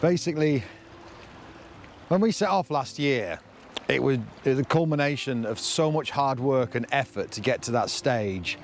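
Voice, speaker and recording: Earnest dad vlogging outdoors. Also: male voice, mid-range voice, normal speed. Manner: earnest, emotional, rambling. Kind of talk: casual vlog talk to camera. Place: outdoors by the sea, then in a camper van. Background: faint wind and outdoor ambience.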